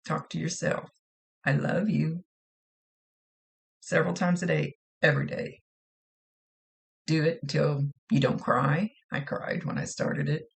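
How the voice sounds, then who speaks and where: A woman's voice: low voice, steady tone, moderate pace, vocal fry. A woman psychic medium giving a casual spirit reading in a chatty, self-deprecating way, often repeating herself.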